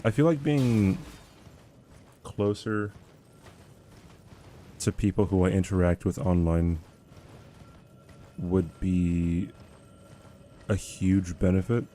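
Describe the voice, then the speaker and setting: A man's voice: low voice, slow pace, pauses often, dark tone, slight background noise. A young man livestreaming a game, chatting in a rambling, self-deprecating way and laughing often. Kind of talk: casual chat while gaming.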